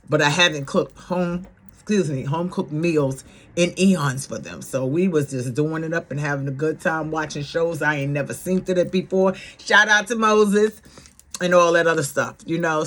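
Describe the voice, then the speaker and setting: A middle-aged woman from New York City with a New York accent, telling her viewers a family story in a blunt, animated, profane way. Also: low voice. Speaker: vlogger.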